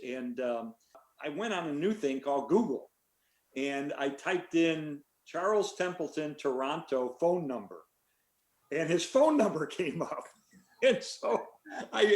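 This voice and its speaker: An older man, an author, answering a question in a relaxed story full of fillers over a video call. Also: a little high, reverberant. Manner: relaxed, rambling with many fillers. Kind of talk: conversational storytelling.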